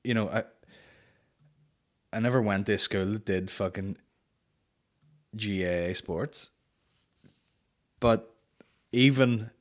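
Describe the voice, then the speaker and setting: A Northern Irish man hosting a comedy podcast, chatting casually, swearing a lot and slipping into mocking impressions. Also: on the low side. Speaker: podcast host.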